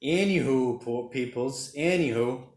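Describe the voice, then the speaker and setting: A man's voice: medium pitch, measured pace. Chatty man in echoey room. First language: Portuguese. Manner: rambling, chatty, reads viewer comments aloud. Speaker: livestream host reading chat. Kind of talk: casual livestream chat. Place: home room during lockdown.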